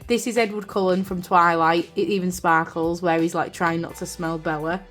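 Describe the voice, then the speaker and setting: A young British woman chatting casually as she films a vlog about her journal, rambling with fillers and quick apologies, recorded on a camera on a desk stand. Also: on the low side, fairly even intonation, fairly bright tone, faint music behind. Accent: British English. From United Kingdom. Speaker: journaling vlogger. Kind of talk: casual chat. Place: craft room indoors.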